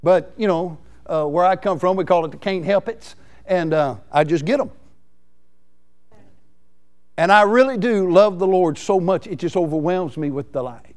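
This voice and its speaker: A man preaching a folksy, excitable sermon. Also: high-pitched, moderate pace. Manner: excitable, folksy, laughs between lines.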